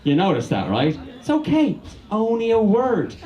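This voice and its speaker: Irish male comic, profane and animated. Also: high-pitched, moderate pace, roomy sound. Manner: profane, rambling, crowd-teasing. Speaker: stand-up comedian. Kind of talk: stand-up comedy set. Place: comedy bar venue, live audience.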